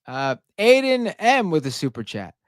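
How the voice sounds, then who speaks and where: A man hosting a casual live stream, reading viewer messages and firing back with indignant, profane rants. His voice sits a little high and swoops up and down with lively expression. The sound is close and dry, with no room echo. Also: moderate pace. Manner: animated, profane, indignant ranting. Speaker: livestream show host.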